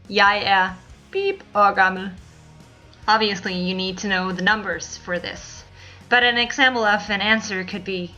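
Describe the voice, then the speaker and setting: A woman from Denmark teaching a language lesson, repeating each phrase slowly and clearly for learners. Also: medium pitch, pushed and bright, dull audio. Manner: clear, slow model pronunciation with repeated phrases.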